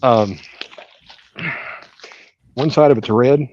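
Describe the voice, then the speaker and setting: A man's voice: medium pitch, extremely slow, a little mellow, muffled recording. A man, joking and rambling in casual chat while fishing on a live stream. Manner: joking, rambling, self-mocking. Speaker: fishing channel co-host.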